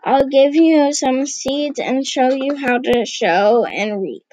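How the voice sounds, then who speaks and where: A woman reading a storybook aloud, unhurried, giving the characters light voices. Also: high voice, a little mellow, slight background noise, rough recording.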